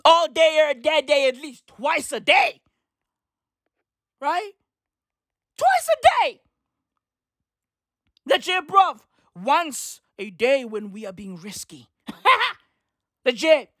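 Loud profane woman ranting for laughs. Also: high voice, expressive, takes it slowly, dry recording, studio quality. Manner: loud, profane, emphatic, with shouted bursts; heavy use of slang asides. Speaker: commentator. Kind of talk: comedic rant to camera.

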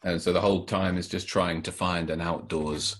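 Kids' book author guy, husky voice, thinks out loud, lots of restarts. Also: sits low, level tone. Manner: thoughtful, halting, with restarts. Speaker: children's author. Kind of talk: interview conversation.

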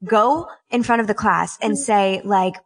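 A woman's voice: mid-range voice, a little slow. A woman co-hosting a podcast in casual chat, bubbly and self-mocking, laughing often. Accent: non-standard, not named. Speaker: podcast co-host.

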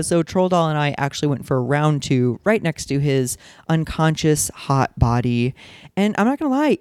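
A man hosting a podcast, telling a story in a casual, chatty way, full of "like" and sudden jumps in pitch. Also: dry recording, clean studio sound. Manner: chatty, filler-heavy, animated pitch jumps. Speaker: podcast host.

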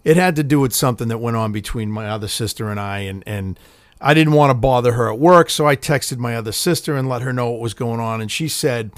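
A middle-aged man co-hosting a podcast tells swear-filled family stories in casual chat, acting out the quotes. His voice is mid-range and brisk, captured with clean studio sound and no echo.

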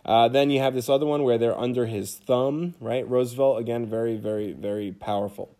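A man's voice: mid-range voice, steady tone, fairly quick, dark tone. A middle-aged man teaching a history lesson from home in a casual lecture style, often checking in with "okay?" and "right?". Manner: conversational, frequent "okay?" and "right?" check-ins. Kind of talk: recorded classroom lecture over slides. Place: home room, cats nearby.

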